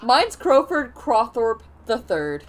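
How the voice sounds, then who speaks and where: A woman reading game dialogue aloud, voicing an eager, friendly crow who talks loudly and excitedly. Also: on the high side, slow pace.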